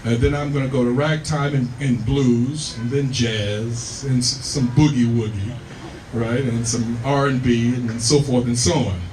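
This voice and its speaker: A man's voice: medium pitch, steady tone, a little mellow. An American man from California, a musician giving an easygoing talk on music between songs, checking in with his audience as he goes. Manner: easygoing, unhurried, checks in with "right?". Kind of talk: lecture between songs at the piano. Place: live performance room. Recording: roomy sound from a distant mic. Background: piano playing.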